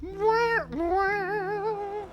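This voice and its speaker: A man's voice: very high-pitched, extremely slow, highs cut off, noisy background. A man chatting casually while speedrunning a game, laid-back, laughing often and swearing freely. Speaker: speedrunning streamer. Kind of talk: casual chat while gaming.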